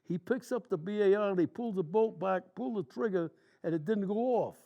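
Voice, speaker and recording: A man's voice: high voice, brisk, creaky, highs cut off. A man in his nineties, a war veteran, telling long stories from memory in plain, rambling, colloquial speech during an interview. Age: 90s.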